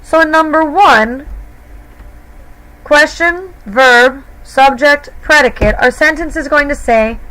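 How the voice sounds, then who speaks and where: A woman's voice: sits high, slow, pushed and bright, poor audio. A woman teacher explaining grammar to her students patiently, step by step, in a recorded lesson. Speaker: Spanish teacher.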